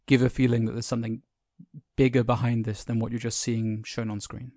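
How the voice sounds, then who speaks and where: A podcast co-host chatting casually about a film, relaxed and encouraging the other speaker. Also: mid-range voice, brisk, no echo, studio quality. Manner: relaxed, supportive listener, short backchannels.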